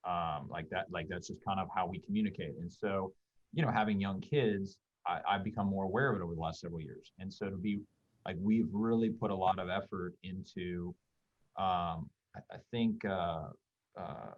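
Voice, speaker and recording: Low, rambling male guest with lots of fillers, muffled lo-fi call audio. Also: moderate pace. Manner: rambling, thoughtful, many fillers. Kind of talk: casual conversation on a video call.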